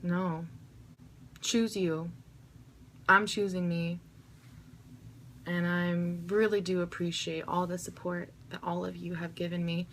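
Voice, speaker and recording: Slow, heartfelt woman vlogger. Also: lowish voice, flat delivery, a bit bright, slight background noise. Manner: heartfelt, impassioned, swears freely. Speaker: vlogger answering viewer questions. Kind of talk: emotional direct-to-camera vlog.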